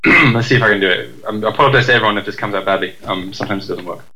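Bright-voiced man teasing in casual chat. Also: lowish voice, rapid-fire, poor audio. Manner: teasing, wry.

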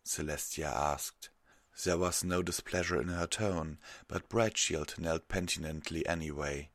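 A man with a very low voice reading a story aloud at a measured, even pace. The sound is close and completely dry, with no room in it. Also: dry recording. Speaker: narrator. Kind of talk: audiobook reading of fan fiction.

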